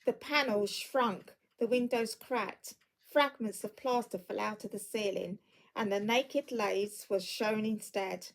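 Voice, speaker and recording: A woman reading a classic story aloud at an unhurried pace, stumbling now and then and correcting herself. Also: medium pitch, vocal fry, low-quality recording.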